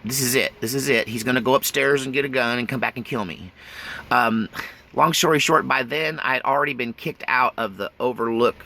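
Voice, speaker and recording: A man's voice: mid-range voice, fairly quick, gravelly, bright, forceful tone. A man telling his life story in a casual, blunt and folksy way, often laughing nervously. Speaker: autobiographical storyteller. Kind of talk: casual spoken memoir.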